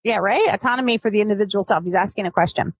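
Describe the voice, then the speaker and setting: A woman's voice: medium pitch, racing, slightly rough, no echo, low-quality recording. A woman hosting a live-streamed interview, chatting loosely with many restarts. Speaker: host.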